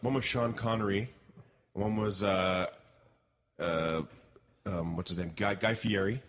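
A man's voice: lowish voice, fairly even intonation, measured pace, a bit bright. A man co-hosting a podcast, chatting casually in a jokey way with lots of fillers. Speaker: podcast co-host, comedian. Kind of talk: casual chat.

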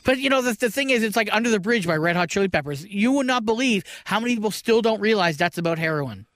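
A man co-hosting a podcast in casual chat, wisecracking and quick with crude jokes. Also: high-pitched, animated, fairly bright tone, no room sound. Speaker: podcast co-host.

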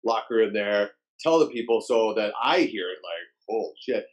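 A man casually telling a story on a talk show, acting out quotes in raised, animated voices. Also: lowish voice, moderate pace. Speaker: guest storyteller.

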